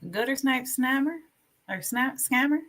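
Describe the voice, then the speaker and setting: A woman hosting a casual livestream, chatty and animated, reading aloud from her notes while sharing her screen. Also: sits high, a little slow. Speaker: livestream host.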